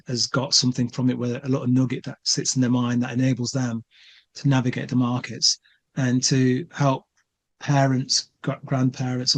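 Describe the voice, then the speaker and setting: Bloke co-hosting a podcast, keen, repeats words while he thinks. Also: mid-range voice. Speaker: podcast co-host. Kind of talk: casual chat.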